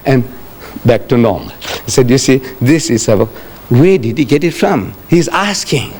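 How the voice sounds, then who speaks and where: A man giving a religious lecture to an audience, telling a story in a lively way, acting out quotes and asking rhetorical questions. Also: normal speed, husky. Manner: animated storytelling, acting out quotes with sharp pitch jumps.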